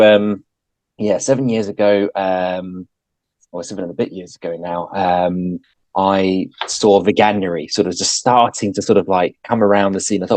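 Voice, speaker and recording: A man's voice: low voice, a little mellow, no echo, poor audio. A man, a podcast guest telling his story in casual talk, hesitant with many fillers and restarts. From England.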